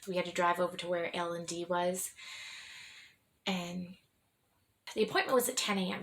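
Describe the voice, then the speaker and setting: There's a little hiss or hum as this young adult woman, medium-pitched, shares her personal story. She rambles candidly, keeps restarting sentences, and laughs softly along the way.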